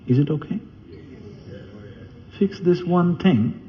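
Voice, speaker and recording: A man's voice: medium pitch, animated, measured pace, long pauses, muffled recording. A man giving a spiritual talk, telling stories with animation and asking the audience questions. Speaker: spiritual teacher. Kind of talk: spiritual discourse with storytelling.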